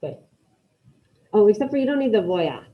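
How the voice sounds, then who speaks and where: A woman teaching a Spanish class online, brisk and encouraging, calling out students by name as she checks their answers. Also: mid-range voice, very animated, narrow, tinny audio.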